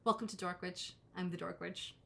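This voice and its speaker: A woman's voice: fairly low pitch, steady tone, moderate pace, creaky, pushed and bright. Rambling, chatty woman reading tarot live. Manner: rambling, self-deprecating, chatty with frequent asides. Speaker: tarot reader hosting a live stream. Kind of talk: casual live-stream chat.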